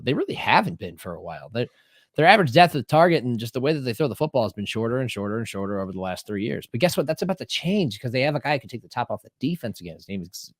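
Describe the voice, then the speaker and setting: Animated man in casual sports chat. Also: on the low side, no echo, clean studio sound. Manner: animated, emphatic, restarts his phrases. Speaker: podcast co-host.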